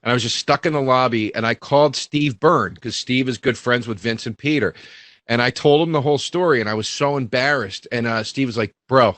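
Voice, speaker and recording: A comedian telling a rambling, self-deprecating story in casual chat over a video call. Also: male voice, mid-range voice, brisk, fairly bright tone, no room sound. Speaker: comedian guest.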